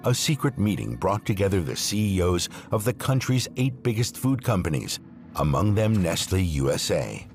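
A man reading scripted documentary narration in a measured, expressive way. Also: low voice. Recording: narration over clear music.

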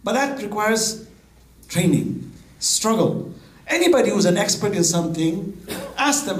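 A man's voice: high-pitched, lively intonation, a little slow. A man preaching a sermon, mixing Arabic quotations into his English. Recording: echoey hall.

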